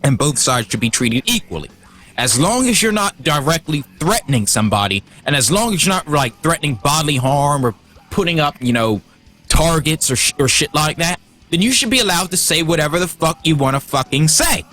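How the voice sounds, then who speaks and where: A man holds forth on his livestream, his fairly high voice leaping around as he gets heated. He swears freely and stumbles into restarts. Metal music plays faintly in the background. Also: sing-song, fairly quick, a bit bright. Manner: heated and profane, restarts and stumbles when worked up. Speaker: livestream host. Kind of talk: casual livestream rant.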